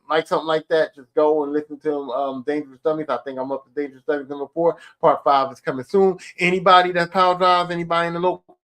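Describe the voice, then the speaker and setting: A man's voice: a little high, fairly bright tone. A middle-aged man hosting his own podcast, talking in a blunt, rambling way and swearing casually. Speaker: podcast host. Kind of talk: casual solo podcast monologue.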